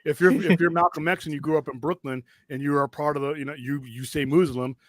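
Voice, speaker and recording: A man's voice: fairly high pitch, steady tone, fast, no echo. A man on a podcast panel, rambling through explanations in casual chat.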